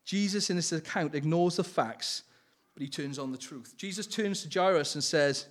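A man's voice: on the high side, expressive, moderate pace. A man giving an informal sermon with personal testimony, earnest and pleading, often laughing and correcting himself mid-sentence. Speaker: lay preacher.

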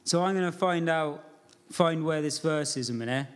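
A man with a high voice preaches a sermon to his congregation. He tells the story informally and keeps putting questions to the listeners. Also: moderate pace.

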